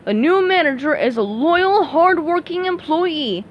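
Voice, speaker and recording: Woman reader as gruff, commanding middle-aged crab boss man, blustery. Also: very high-pitched, lively intonation, measured pace, highs cut off, a little hiss or hum, pitched above the performer's own voice.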